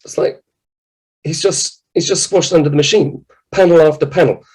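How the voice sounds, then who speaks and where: A man, a children's author, giving a lively, jokey talk to children at an event. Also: on the high side, moderate pace, rough recording. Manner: animated, jokey, acts out scared voices.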